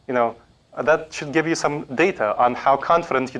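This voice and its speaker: A man's voice: medium pitch, unhurried, fairly bright tone. A man giving a conversational talk on decision making, often laughing as he explains.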